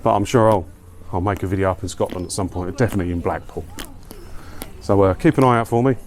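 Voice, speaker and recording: A man's voice: sits low, quick pace. A man talking in a rambling, chatty, self-mocking way while walking outdoors for his vlog. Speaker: vlogger. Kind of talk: casual walking vlog chat.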